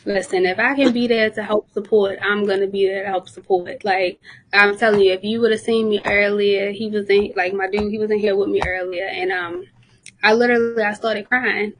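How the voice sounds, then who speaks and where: A woman's voice: medium pitch, steady tone, normal speed, low-quality recording. A woman guest speaking in a podcast interview from her hospital bed while ill, telling her story candidly with frequent "like". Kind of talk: casual interview chat. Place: hospital room.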